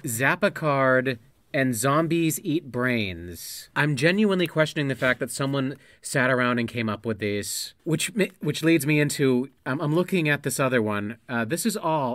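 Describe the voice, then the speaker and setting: A man chatting through a card game on a podcast, reading odd card names aloud with amused disbelief. His voice sits at an ordinary middle pitch and sounds close and dry, with little room sound. The talk is loose and joking. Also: expressive, normal speed, fairly bright tone, no echo. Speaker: podcast co-host. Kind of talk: casual chat while playing a card game. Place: living room blanket fort.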